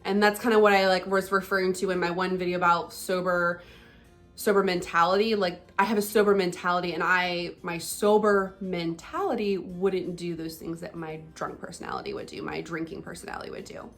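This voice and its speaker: A woman's voice: lowish voice, brisk, fairly bright tone. Young woman vlogger, casual, candid, chatty with lots of fillers, faint music underneath. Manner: candid, conversational, many fillers like "like" and "um". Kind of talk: casual personal vlog talk.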